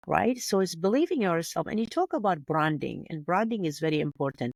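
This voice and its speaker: A woman's voice: fairly low pitch, lively intonation, a little fast, creaky, hardly any pauses, dry recording. A woman with a Kurdish accent, a native Kurdish speaker, talking as a podcast guest in an earnest way, often restarting and repeating words. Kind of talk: casual interview chat.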